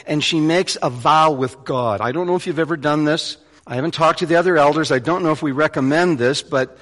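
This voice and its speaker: A male pastor preaching a sermon in a conversational way, rising to emphatic peaks. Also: on the high side. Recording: long reverb of a large hall.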